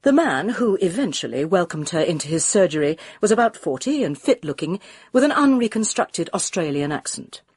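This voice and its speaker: A woman's voice: on the low side, big pitch swings, normal speed, a little mellow, husky, dry recording, clean studio sound. A woman reading a mystery novel aloud as narrator. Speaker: audiobook reader. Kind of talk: scripted narration.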